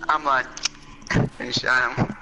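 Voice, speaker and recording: A man's voice: mid-range voice, level tone, takes it slowly, pushed and bright, slight background noise, poor audio. A man playing an online shooter with a friend, answering in short reactive remarks. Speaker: gaming friend. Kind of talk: casual gameplay chat.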